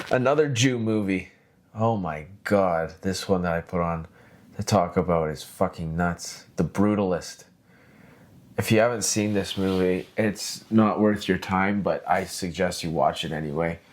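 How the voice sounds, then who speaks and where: A man hosting his own podcast, ranting in a profane, rambling, animated way. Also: low-pitched, unhurried. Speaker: podcast host. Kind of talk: solo casual podcast rant.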